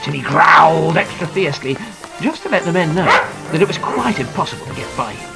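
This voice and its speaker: A man narrating a children's adventure audiobook in a dramatic, very expressive way. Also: a little high, fairly quick, rough recording. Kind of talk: scripted storybook narration. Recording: narration over clear music.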